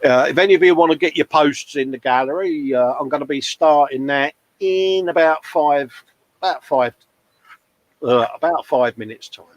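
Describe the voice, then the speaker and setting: The voice is a man's, a little high and at normal speed, in a muffled recording with no room sound. He hosts a live model-painting stream from his home hobby bench, chatty and self-mocking, reading out viewer comments, laughing often, and calling people mate.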